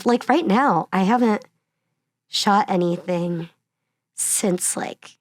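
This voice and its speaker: A woman from Miami talks through an interview with an animated, chatty storytelling manner, laughing often between phrases. Her voice sits at a middling pitch, and it is recorded close and dry, with almost no room sound. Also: slow, no echo. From Miami, Florida. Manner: chatty, uses many fillers like "like" and "you know". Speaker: actress and singer-songwriter guest. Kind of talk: casual conversational interview.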